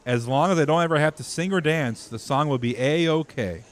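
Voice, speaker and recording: A man's voice: a little high, moderate pace, faint music behind. Hesitant man, podcast cohost. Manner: hesitant, filler-heavy, reads out comments. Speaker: podcast co-host. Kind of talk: casual chat.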